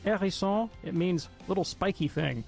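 A man's voice: on the high side, animated, brisk, vocal fry, soft background music. A man answering listener questions on a radio talk show, rambling with jokey asides and repeating himself.

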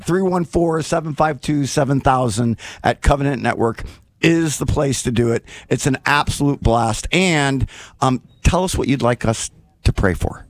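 A man hosting a live radio fundraiser, chatty and excitable, filling his talk with ums and asides, speaking into a studio microphone. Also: mid-range voice, moderate pace, no room sound. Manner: excitable, chatty, many fillers. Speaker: radio host.

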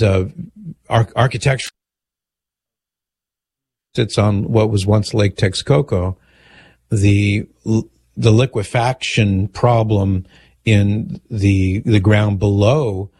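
Low-voiced male talk radio host. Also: darkish tone. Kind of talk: call-in radio talk, reading listener emails.

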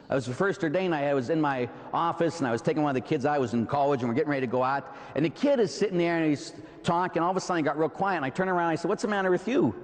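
Man, Pittsburgh accent, Catholic priest, sermon, very lively intonation, rhetorical asides, long church-hall reverb. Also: fairly high pitch. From Pittsburgh, USA. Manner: animated preaching, peppered with rhetorical "huh?" and "right?".

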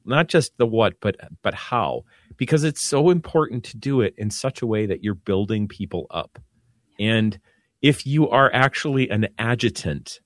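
A man, a Catholic priest, co-hosting a radio talk show and speaking in a calm, reflective way. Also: no echo, clean studio sound. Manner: calm, reflective, lowers his voice to soothe. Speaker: priest co-host.

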